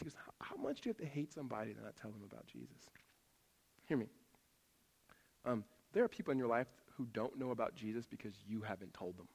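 A middle-aged man preaching a sermon, telling stories and swinging from loud animated bursts to hushed asides. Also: on the high side. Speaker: pastor. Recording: long reverb of a hall.

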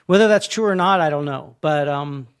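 High-voiced, laid-back male guest. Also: moderate pace, clean tone. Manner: laid-back, self-deprecating. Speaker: interview guest. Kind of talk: casual sit-down interview.

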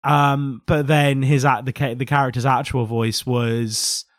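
Man, podcast co-host, medium pitch, joking casual delivery, dry recording. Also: little pitch movement, dry recording. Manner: playful, jokey, quick to laugh. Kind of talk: casual comic-book chat.

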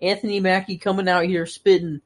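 An excitable man on a casual podcast, his voice sitting a little high, full of slang and quick reactions. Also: crowd noise. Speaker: podcast co-host. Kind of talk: casual chat.

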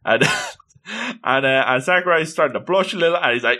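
A man casually recapping a manga chapter, animated and full of exclamations. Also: medium pitch, brisk. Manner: animated, excitable, exclaims often. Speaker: manga reviewer.

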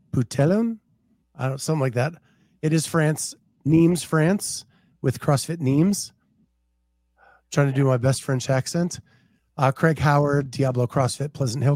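A man's voice: on the high side, dark tone, no room sound. A man co-hosting a casual podcast, chatting in a laid-back way and reading out viewer comments. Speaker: podcast co-host. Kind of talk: casual chat.

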